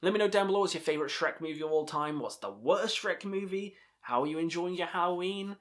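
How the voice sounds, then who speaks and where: A man's voice: high-pitched, quick pace, fairly bright tone. A man hosting a video channel, giving a casual, enthusiastic film review full of swearing and laughter. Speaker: video host ranking films.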